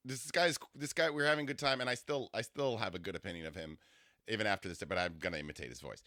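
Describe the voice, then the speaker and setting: Animated man telling a rambling story. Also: mid-range voice, fast talker, no room sound, clean studio sound. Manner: rambling, animated, full of fillers and restarts. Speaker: comedian podcast host. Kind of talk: comedic storytelling monologue.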